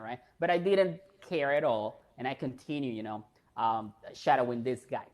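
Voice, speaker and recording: A man's voice: medium pitch, normal speed. A man hosting a live stream, chatting casually, reading out viewer questions and telling stories. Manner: conversational, agreeing often, storytelling.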